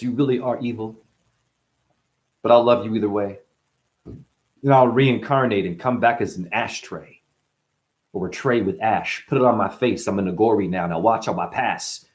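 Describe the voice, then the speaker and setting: Mid-freestyle, this rapper strings rhymes and wordplay together loosely, bragging and swearing as he goes. His voice sits at a typical pitch for a man.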